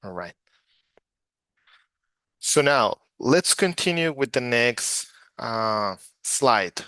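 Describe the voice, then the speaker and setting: A man's voice: mid-range voice, animated, very slow, pushed and bright, no room sound. A man from Mexico teaching Spanish vocabulary from slides, repeating each word patiently so learners can practice. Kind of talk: slide-based language lesson.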